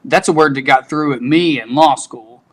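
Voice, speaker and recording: A man in his thirties from East Tennessee, speaking with a local accent at a moderate pace and fairly high pitch, chats candidly as a comedian guest on a casual podcast. He tells stories using folksy quotes.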